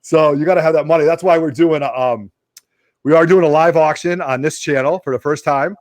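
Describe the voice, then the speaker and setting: A man with an East Coast American accent, hosting a casual chat and telling stories in a rambling, animated way full of fillers. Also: fairly high pitch, brisk, no echo. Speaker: host. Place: home studio basement.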